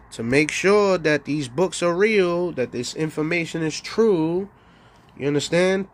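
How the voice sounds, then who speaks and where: Male streamer, a bit high-pitched, profane and rambling, taunting rhetorical delivery. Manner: profane, rambling, searching for words. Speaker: livestream host. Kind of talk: ranting livestream monologue.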